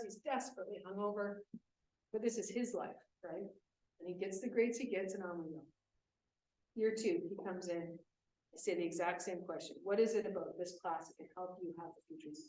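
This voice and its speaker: A woman speaking at a business event, telling a lively classroom story in a conversational way. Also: medium pitch. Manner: animated, conversational, voices quoted students. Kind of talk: storytelling talk. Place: event room. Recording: echoey room from a distant mic with faint hiss.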